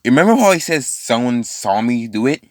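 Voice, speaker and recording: A man's voice: medium pitch, big pitch swings, lightly acted. A man voicing an anxious young male hero with a guilty past, speaking hesitantly. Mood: uneasy. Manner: hesitant, halting.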